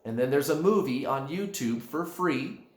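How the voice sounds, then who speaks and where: A man giving a spiritual coaching talk straight to his viewers, emphatic and animated, often calling them guys. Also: a little high, moderate pace, echoey room. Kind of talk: direct-to-camera coaching talk.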